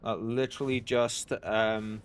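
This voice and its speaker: A man's voice: lowish voice, flat delivery, a little slow. A man streaming a video game, chatting casually to his viewers as he plays. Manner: chatty, talks to chat while playing. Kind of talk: casual let's-play commentary.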